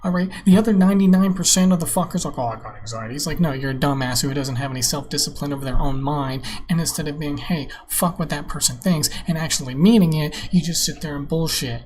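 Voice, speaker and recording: A man's voice: a little high, darkish tone, slight background noise. A young man hosting his own vlog, ranting bluntly and profanely to camera from his computer desk, preaching his views in a casual, rambling way. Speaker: vlog host. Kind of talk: casual solo rant to camera. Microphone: webcam on a monitor.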